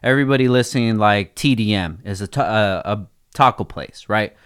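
A man's voice: fairly low pitch, normal speed, fairly bright tone, clear, resonant tone. A young man hosting a podcast in casual chat, laid-back and full of swearing, talking straight to his listeners. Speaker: podcast host.

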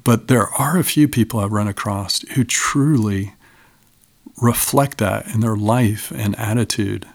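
A middle-aged male pastor delivers an earnest, measured sermon in a low, gravelly voice. The recording is dry and close, with no room sound behind him. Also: no echo. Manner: earnest, measured preaching with rhetorical questions.

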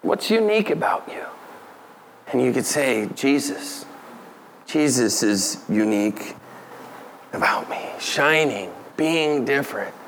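A man's voice: medium pitch, animated, slow, long pauses, a bit bright, slight background noise. Conversational man preaching a sermon. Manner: conversational, asks the audience questions, laughs lightly. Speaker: pastor.

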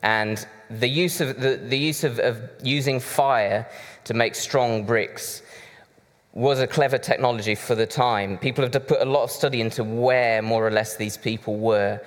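Chatty preacher in a hall. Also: male voice, mid-range voice, steady tone, normal speed. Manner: conversational, chatty with asides. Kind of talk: sermon. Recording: reverberant hall.

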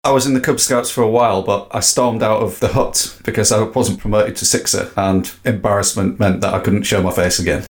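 A man's voice: on the low side, steady tone, a little fast, hardly any pauses. A man, co-hosting a casual chat and putting in dry, joking questions. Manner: dry, wry quips and questions. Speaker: podcast co-host.

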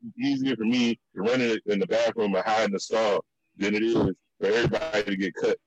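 A man from the Virginia and DC area telling stories in a casual chat, with many restarts and high jumps in pitch for the quotes. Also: steady tone, a little fast, dull audio. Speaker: guest.

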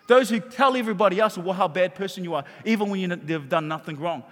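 High-voiced man preaching in a hall. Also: brisk. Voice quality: animated, jokey, repeats words. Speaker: pastor. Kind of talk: sermon. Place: church hall. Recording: long hall reverb.

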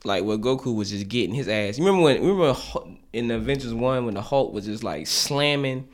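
A young man co-hosting a podcast, chatting casually and profanely, breaking into loud laughs and yells. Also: medium pitch, brisk. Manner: excitable, loud bursts of laughter and yelling. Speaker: podcast co-host.

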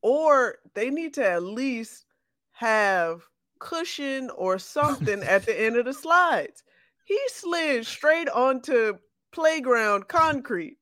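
A woman co-hosting a casual podcast, making drawn-out, incredulous remarks. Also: on the high side, animated, a bit bright, no echo, studio quality. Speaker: podcast co-host.

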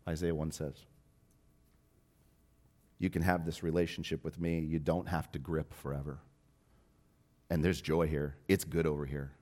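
A man with a very low, deep voice preaches to his congregation. His delivery swings between quiet, intimate stretches and loud, urgent appeals, the way a pastor drives a point home. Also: level tone, normal speed, long pauses. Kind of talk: sermon.

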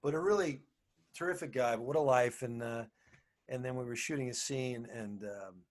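A man being interviewed, telling long casual stories in a rambling, animated way full of restarts and fillers. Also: mid-range voice, moderate pace. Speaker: actor and singer, guest.

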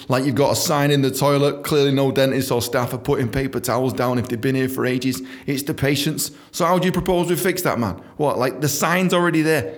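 A young man telling stories in a casual, profane, animated monologue, often laughing and mimicking other people. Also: mid-range voice, a little fast, few pauses. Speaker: podcast host telling stories from his book.

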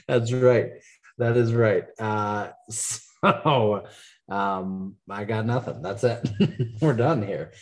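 A man co-hosting a podcast in casual chat, sarcastic and laughing, with sudden jumps up in pitch. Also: slow. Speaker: podcast co-host.

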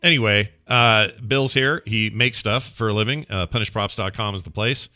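嗓音明亮的男主持. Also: male voice, on the low side, moderate pace, sharp tone, no room sound. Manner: rambling, jokey, lots of fillers. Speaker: podcast host. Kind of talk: casual chat.

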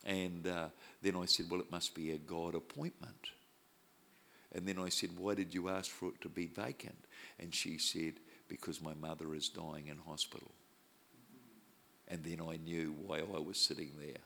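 A man preaching, telling a personal story in an animated way and acting out the people he quotes. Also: low-pitched, moderate pace, vocal fry. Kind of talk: storytelling sermon.

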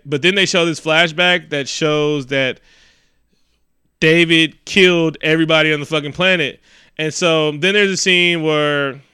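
Man co-host, bright crisp voice, dry close mic, swears freely in a loose movie recap. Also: fairly high pitch, dry recording. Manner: animated, swears heavily, acts out scenes. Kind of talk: casual profane movie recap.

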